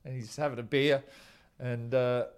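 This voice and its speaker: Relaxed man, forties, yarn-spinning interview guest, mid-pitched voice, easygoing delivery. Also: measured pace, clear, resonant tone. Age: 40s. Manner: chatty and laid-back, with many restarts. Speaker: former teammate telling stories. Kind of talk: casual anecdotal interview.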